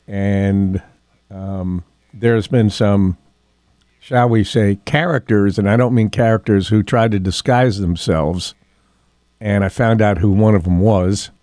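An older man hosting a local radio talk show, rambling in a folksy way with ums and frequent throat clearing. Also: lowish voice, fairly even intonation, slow, darkish tone, no echo, clean studio sound. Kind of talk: casual talk radio monologue. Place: radio studio.

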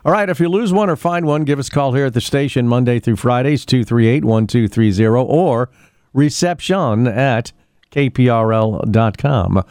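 A man's voice: medium pitch, animated, moderate pace, darkish tone, no echo, clean studio sound. Rambling man hosting local radio. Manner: rambling, chatty, with many fillers and restarts. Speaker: radio host. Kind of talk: casual local radio chat. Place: radio studio.

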